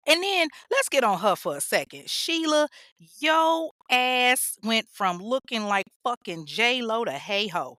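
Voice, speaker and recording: A woman's voice: fairly high pitch, sing-song, a little slow, pushed and bright, no echo, clean studio sound. A woman hosting a true crime podcast, ranting bluntly and scolding with heavy profanity. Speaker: podcast host.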